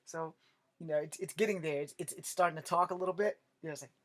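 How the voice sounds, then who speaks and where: Animated, cursing man telling comic stories. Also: fairly high pitch, fast. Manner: animated, profane, joking. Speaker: vlogger. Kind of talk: comedic storytelling rant.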